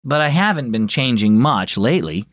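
A man's voice: medium pitch, very animated, normal speed, no room sound, clean studio sound, natural voice. A man voicing a sincere young boy in a children's storybook reading. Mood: earnest. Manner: earnest, sincere.

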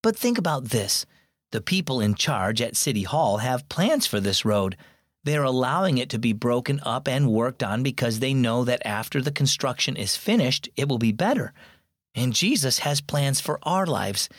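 A man voices a steady, faithful mother in a children's storybook, speaking calmly and reassuringly. He stays close to his own even voice for her. The recording is dry. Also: extremely low pitch, moderate pace, no room sound, heavily acted. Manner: calm, reassuring. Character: gentle, faithful widowed mother.

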